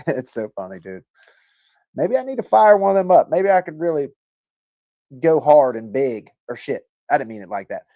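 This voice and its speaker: A man's voice: a little high, very animated, moderate pace, pauses often, dark tone, no echo, highs cut off. A man hosting a livestream, chatting casually and reading viewer comments, rambling, joking and swearing a lot. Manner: laid-back and rambling. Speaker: livestream host.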